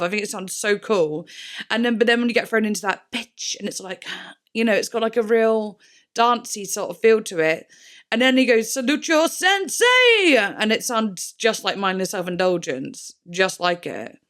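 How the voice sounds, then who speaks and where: A woman hosting a music reaction video, talking casually and excitedly, rambling with lots of filler words and humming bits of the tracks. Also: mid-range voice. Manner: excitable, hums and mimics song parts.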